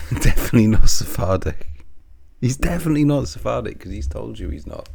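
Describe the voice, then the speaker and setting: A man's voice: medium pitch, lively intonation, brisk, vocal fry, a little mellow, slightly rough. A man rambling sarcastically in a monologue, swearing freely and chuckling between jabs. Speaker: commentary video host.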